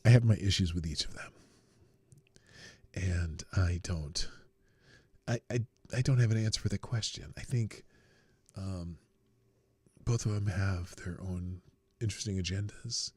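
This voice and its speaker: With a slightly rough voice at a moderate pace and no echo, a man hosts a live stream of casual, unscripted talk. He reads out viewer questions and gives blunt, profane, jokey answers, often laughing at his own lines, shifting from low muttering to loud outbursts.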